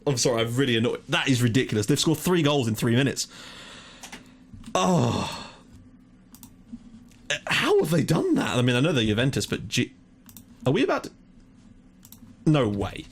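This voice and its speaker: Young guy commentating his football game live, voice jumps all over, gets worked up fast. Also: medium pitch, gravelly, slight background noise. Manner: excitable, swearing, thinks aloud. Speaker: gaming commentator.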